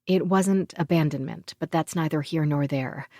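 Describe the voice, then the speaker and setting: A woman narrating a fantasy audiobook in an even, measured storytelling manner. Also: low-pitched, no echo, studio quality. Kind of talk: scripted narration.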